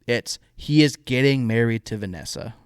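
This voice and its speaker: A man co-hosting a podcast in a relaxed, chatty way, with a voice of ordinary pitch. He retells a story with lively quoted asides. The sound is dry and close, with no room around it. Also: normal speed, smooth, no room sound. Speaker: podcast co-host. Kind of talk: casual chat.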